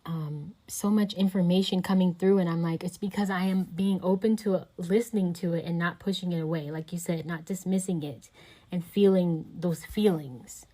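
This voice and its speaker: A woman's voice: fairly low pitch, steady tone, moderate pace, warm tone. A woman hosting a casual podcast conversation, talking reflectively and meandering with many fillers. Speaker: podcast host.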